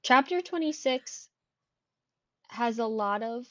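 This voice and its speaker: Bright-ish woman on a dull mic. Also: fairly high pitch, expressive, slow, no echo. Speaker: podcast co-host. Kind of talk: casual book-review chat.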